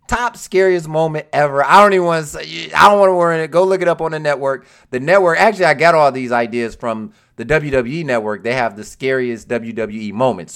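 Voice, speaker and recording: A speaker giving a casual countdown of wrestling moments, excitable, laughing and acting out scenes in quoted voices. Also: mid-range voice. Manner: laughs while telling. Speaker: wrestling commentator.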